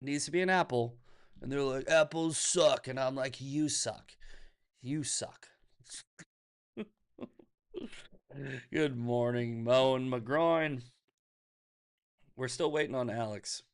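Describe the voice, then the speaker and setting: A man with a mid-range voice and vocal fry hosts a livestream, ranting casually and profanely. He laughs often and reads viewer comments from the chat aloud.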